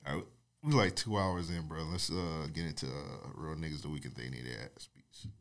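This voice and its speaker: A man co-hosting a casual podcast with a deep voice that is going hoarse, talking in an animated way and acting out quotes. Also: brisk. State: losing his voice. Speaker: podcast co-host.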